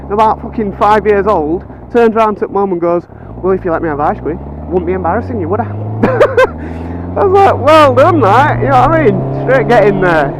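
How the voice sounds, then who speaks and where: A young man babbles excitedly through stories and jokes, swearing freely and often breaking into laughter. His voice sits high for a man. The recording is made outdoors, with loud traffic noise behind him. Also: lo-fi sound. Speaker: motovlogger. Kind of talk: casual chat.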